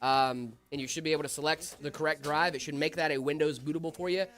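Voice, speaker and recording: A man's voice: a little high, fairly even intonation, fast, fairly bright tone, soft background music. A man hosting a casual tech livestream, joking around and answering viewer questions.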